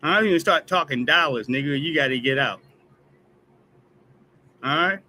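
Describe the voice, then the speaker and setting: A man's voice: on the high side, normal speed, pushed and bright, slight background noise, low-quality recording. Heated man ranting on a stream. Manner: emphatic, repetitive "all right?" tags, heated and profane. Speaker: host of a news commentary stream. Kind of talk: casual commentary rant.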